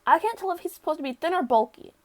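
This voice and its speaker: A woman's voice: very high-pitched, animated, very fast, a little mellow. A woman giving casual, incredulous and joking commentary while playing a game and reading its text aloud. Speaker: let's play gamer.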